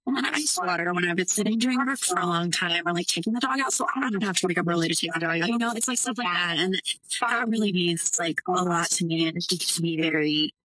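Bright, husky young woman chatting. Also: on the low side, fast talker, dry recording, low-quality recording. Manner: chatty, many likes and laughs. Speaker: podcast guest. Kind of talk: casual interview chat.

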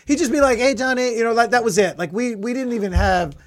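A man's voice: very high voice, fast. A man, a stand-up comedian, asking curious follow-up questions on a podcast. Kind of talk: casual podcast chat.

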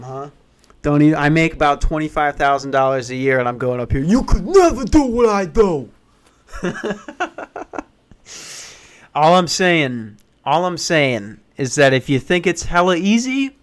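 A man's voice: on the high side, fairly bright tone. A man in his twenties hosting a podcast alone from a small back office, rambling and swearing, laughing at his own jokes. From western Pennsylvania. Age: 20s. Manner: profane, rambling, laughing at himself. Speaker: podcast host. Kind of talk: casual podcast rant.

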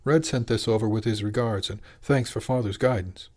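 A man's voice: fairly low pitch, a little fast, darkish tone, lightly acted. A man voicing a restless thirteen-year-old boy who talks in a wry, sulky way in an audiobook.

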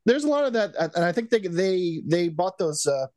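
A man's voice: sits high, sing-song, moderate pace, darkish tone, no echo. Hesitant man reviewing a movie casually. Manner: hesitant, many fillers and restarts. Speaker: podcast co-host. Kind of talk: casual chat.

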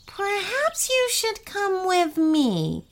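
A woman's voice: very high voice, huge pitch swings, very slow, voice pushed up, exaggerated voice. A woman doing a miserable sighing snake. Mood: glum. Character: gloomy sighing yellow snake.

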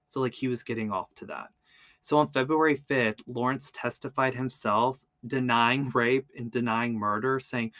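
A man hosting a podcast, telling a true crime story in a relaxed, casual way with lots of "like" and "um". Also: medium pitch, moderate pace, no echo. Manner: relaxed, peppered with "like" and "um". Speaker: podcast host.

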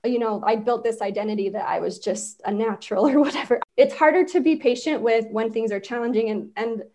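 A woman's voice: fairly high pitch, fairly quick, mellow. A woman from Utah, a podcast guest, telling personal stories in casual conversation and laughing often as she talks.

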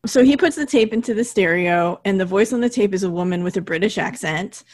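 A woman's voice: mid-range voice, fairly quick, a little mellow. A woman co-hosting a podcast, casually recapping a TV episode and quoting the characters' lines as she goes. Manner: chatty, recounts scenes with quoted lines and laughs. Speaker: podcast co-host.

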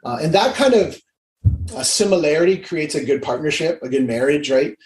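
A man's voice: fairly high pitch, animated, brisk, darkish tone. A man from Hawaii, a guest on an interview show, talking casually and with energy, acting out the dialogue he quotes. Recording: roomy echo.

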